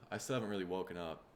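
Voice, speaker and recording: A man from Minnesota, hosting a casual solo podcast, tired and rough in the throat, rambling and swearing freely. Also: deep voice, a little hiss or hum. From Minnesota, USA. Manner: rambling, profane, laid-back. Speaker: podcast host.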